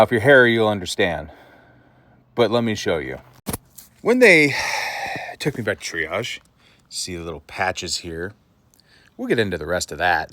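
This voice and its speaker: A man's voice: low voice, a bit bright, no echo. A man vlogging to the camera, telling a story in a blunt, casual way and swearing freely.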